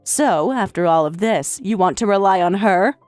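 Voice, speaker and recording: A woman voicing a middle-aged stepmother, speaking in a calm, detached and formal way. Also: medium pitch, moderate pace, dry recording, faint music behind, pitched below the performer's own voice, natural voice. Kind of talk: story narration with voiced roles.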